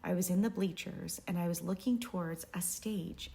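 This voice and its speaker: A woman telling an earnest, reflective personal story, sometimes dropping to a hush. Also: on the low side, moderate pace, gravelly. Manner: earnest, reflective, softly hushed at times. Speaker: realtor sharing a personal story.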